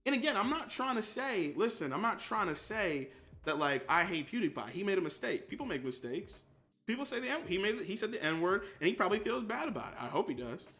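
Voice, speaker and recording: Animated young man streamer, bright voice. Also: sits high, brisk. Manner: animated, reads chat aloud. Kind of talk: casual live-stream commentary.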